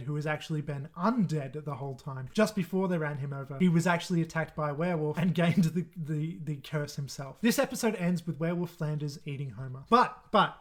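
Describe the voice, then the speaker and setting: A man hosting a video on his own, talking casually and enthusiastically, laughing often and restarting his sentences. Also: fairly high pitch. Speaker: video host ranking episodes. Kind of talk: casual solo commentary.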